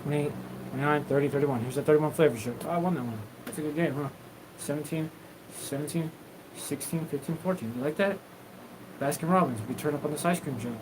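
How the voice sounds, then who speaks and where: A man's voice: fairly high pitch, brisk, noisy background. Rambling, profane man on a live stream. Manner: loose, profane, stream-of-consciousness talk. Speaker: livestream host.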